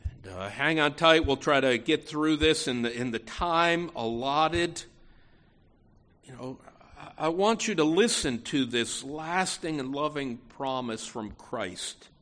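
A man's voice: mid-range voice, a bit bright. A man preaching a sermon in an earnest, emphatic way, often restarting phrases and saying "you know".

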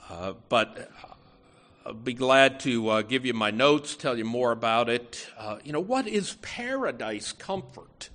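Slow, earnest male preacher. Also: medium pitch, a bit bright. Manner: earnest, emphatic, with frequent restarts and "you know". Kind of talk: sermon.

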